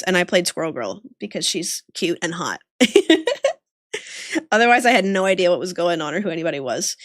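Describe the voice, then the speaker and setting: A woman's voice: mid-range voice, dry recording, studio quality. A woman streamer chatting casually and giggling with her viewers while she draws. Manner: giggly, bubbly, greets chat warmly.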